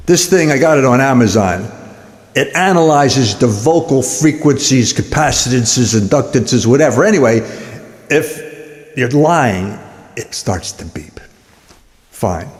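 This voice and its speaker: A man telling dance jokes in a rapid, punchy stand-up delivery. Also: mid-range voice, animated, a faint crowd. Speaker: comedian. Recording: echoey hall.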